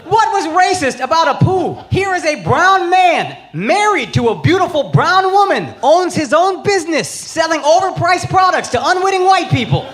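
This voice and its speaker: A man's voice: very high voice, big pitch swings, moderate pace, few pauses, slight background noise. A man in his thirties performing a stand-up set on stage, brash and profane, with a mocking delivery. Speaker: stand-up comedian. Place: comedy stage before a live audience. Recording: live show with loud crowd laughter.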